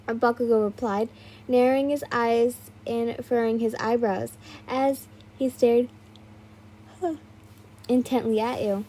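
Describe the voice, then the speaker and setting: A woman reads a fan fiction story aloud in a casual manner, now and then tripping over words. Her voice is a little high, with a mellow, husky tone. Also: steady tone, unhurried, pauses often. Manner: casual, stumbling asides.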